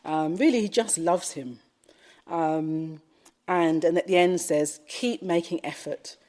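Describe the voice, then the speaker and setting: A woman giving a Buddhist dharma talk, gently telling a story with frequent fillers. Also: sits low, takes it slowly. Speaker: Buddhist teacher. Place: retreat talk at a Buddhist centre.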